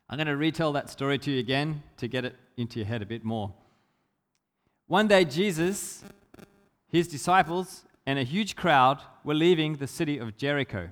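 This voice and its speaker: Male preacher, slightly high voice, lively storytelling, long hall reverb. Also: normal speed. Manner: animated retelling, shouting out the lines of the people in the story. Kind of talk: sermon retelling a Bible story.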